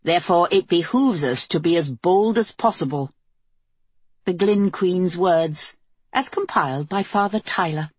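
A woman narrates a novel in measured, even storytelling. Her voice sits fairly low and has a husky grain. The sound is close and dry. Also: no echo. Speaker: audiobook narrator. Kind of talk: scripted narration.

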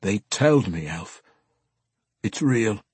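A man voicing a frightened old male dwarf who speaks in broken, gruff dialect and sounds shaky and breathless. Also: on the low side, lively intonation, slow, a little mellow, no echo, full character voice. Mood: frightened, bewildered. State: gasping, shaken.

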